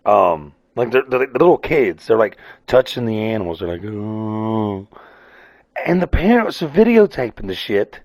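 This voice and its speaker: A man's voice: medium pitch, sing-song, fairly quick, few pauses, darkish tone. A man hosting a casual solo rant, rambling and swearing freely, laughing at himself. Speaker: podcast host.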